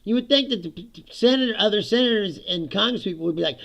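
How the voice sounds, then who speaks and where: A middle-aged man hosts his own livestream, venting about the news in a sarcastic, profane way and breaking into laughter often. His voice is bright and forceful, sitting a little high, with a heavy gravelly rasp. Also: expressive, a little fast. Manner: sarcastic, laughs often, swears, mimics others. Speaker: livestream host. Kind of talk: casual political commentary livestream.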